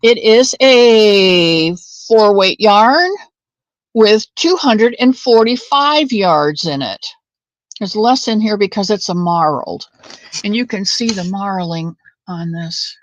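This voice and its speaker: A woman's voice: mid-range voice, expressive, takes it slowly, dry recording, dull audio. A woman hosting a casual crochet livestream, chatting to viewers by name and drifting off onto side stories. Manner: chatty, addresses viewers by name, wanders off-topic. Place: home craft room.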